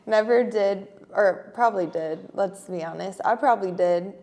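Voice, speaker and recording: A woman's voice: mid-range voice, moderate pace, a little mellow. A woman in her twenties co-hosting a podcast, talking frankly in a casual, chatty way. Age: 20s. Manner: chatty, frank, many "like" fillers. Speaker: podcast co-host. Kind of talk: casual chat.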